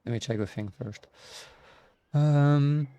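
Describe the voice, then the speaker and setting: A man's voice: on the high side, slow pace, warm tone, clear, resonant tone, lo-fi sound. A man streaming a video game live, muttering to himself and poking fun at his own mistakes. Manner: muttering, self-deprecating. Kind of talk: live gameplay commentary.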